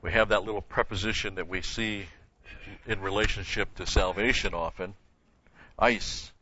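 A man's voice: fairly low pitch, steady tone, normal speed, pushed and bright, highs cut off, slight background noise. A man teaching a verse-by-verse Bible lesson, asking the class questions and answering them himself, stressing key words with emphatic repetition.

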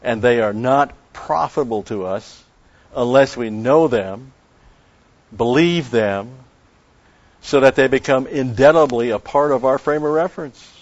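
A male preacher gives an expository Bible lesson in a mid-pitched voice. He is emphatic, repeats key phrases and draws out Greek terms slowly. The recording sounds dull and lo-fi.

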